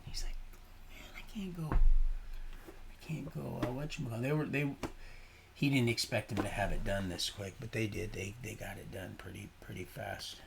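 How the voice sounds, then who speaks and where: A man hosting a livestream, talking in a meandering, folksy way that mixes faith talk with swearing and swings between quiet asides and sudden loud bursts. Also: fairly low pitch, a little fast, gravelly, noisy background. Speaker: livestream host. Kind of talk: rambling casual livestream talk.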